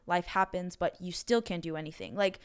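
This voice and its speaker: A woman's voice: lowish voice, brisk, clean tone. A young woman in her twenties hosting a podcast, chatting animatedly and saying "like" a lot. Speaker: podcast host. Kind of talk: casual podcast conversation.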